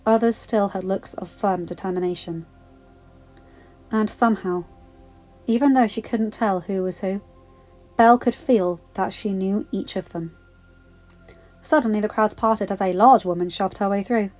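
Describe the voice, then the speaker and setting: A woman reading a fan fiction story aloud in a calm, even manner. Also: mid-range voice, normal speed, pauses often, dull audio, soft background music. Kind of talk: audiobook narration.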